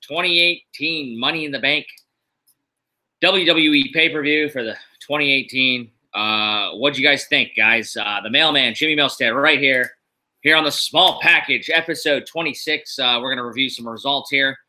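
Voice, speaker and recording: A middle-aged East Coast American man hosts a wrestling podcast on a live stream from a room at home, rambling casually with many fillers. He sounds tired but upbeat. His medium-pitched voice is bright and forceful at normal speed, though the audio is poor.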